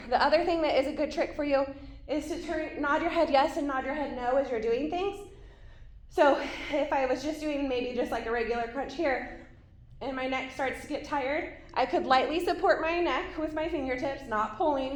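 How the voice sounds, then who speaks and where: A woman's voice: sits high, echoey room. A woman leading an ab workout, talking through each move while doing it and sometimes out of breath. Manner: encouraging, talks through exercises while doing them. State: out of breath at times. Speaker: fitness instructor. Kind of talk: workout instruction.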